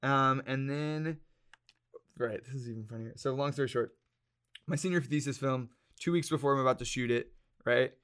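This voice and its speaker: A young man in casual podcast chat, telling a story in an animated, laughing way with plenty of swearing. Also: medium pitch, moderate pace, smooth. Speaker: podcast guest.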